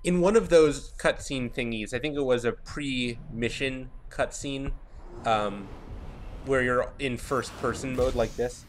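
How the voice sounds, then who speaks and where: A man's voice: medium pitch, a little slow, slight background noise. A man giving casual commentary over a video game, rambling and losing his train of thought. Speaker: let's play commentator.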